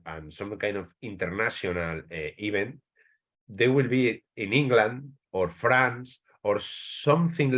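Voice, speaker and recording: Low-voiced Spanish-accented man, halting English. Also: a bit bright. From Spain. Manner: halting, many restarts, searching for English words. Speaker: author, guest. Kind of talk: interview answers.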